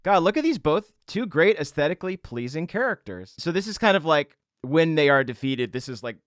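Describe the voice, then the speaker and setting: A man with a somewhat high, very lively voice chats casually while drawing, laughing often and jumping into silly bits. His tone is smooth and clear, and the sound is close and dry. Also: brisk, no room sound. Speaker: artist and show regular.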